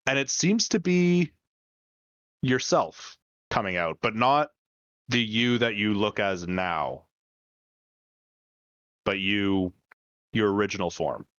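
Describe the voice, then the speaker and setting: A man with a low voice narrates a tabletop game as its dungeon master, piecing his descriptions together with fillers and restarts. The sound is dry and dull, with little room in it. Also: expressive, takes it slowly, long pauses, a bit bright, no echo.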